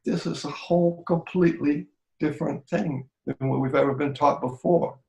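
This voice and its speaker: A man's voice: fairly high pitch, fairly even intonation, normal speed, vocal fry, dark tone, roomy sound, poor audio. A man teaching a healing practice in conversation, earnest and repetitive, often checking that he is understood.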